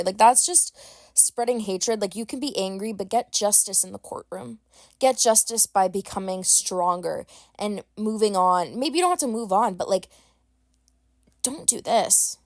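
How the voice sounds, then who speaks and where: A woman's voice: mid-range voice, gravelly, a little mellow, dry recording, clean studio sound. A young woman hosting a podcast in casual chat, chatty and rambling with lots of fillers and restarts, blunt and opinionated. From Boston area. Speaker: podcast host.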